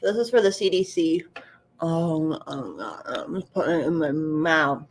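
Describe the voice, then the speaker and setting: A woman's voice: sits low, lively intonation, unhurried, a little hiss or hum. Chatty, swearing woman streamer in her thirties. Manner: chatty, profane, answers chat by name. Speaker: livestream host. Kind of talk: casual chat while baking. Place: home kitchen.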